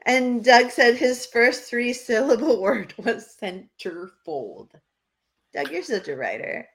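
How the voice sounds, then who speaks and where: A woman's voice: a little high, takes it slowly, vocal fry, slightly rough. A woman from New Hampshire co-hosting a podcast, telling stories in casual chat and laughing often. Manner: lively storyteller who laughs often. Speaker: podcast co-host.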